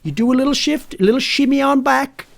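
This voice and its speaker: A man putting on a shy young male pro gamer with a clumsy southern drawl, rambling and halting. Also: very high-pitched, vocal fry, voice pushed up. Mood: boastful.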